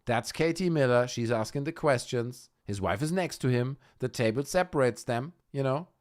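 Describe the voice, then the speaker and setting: Male host, live stream commentary, sarcastic, mocking, very lively pitch, mid-range voice. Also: moderate pace. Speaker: livestream host.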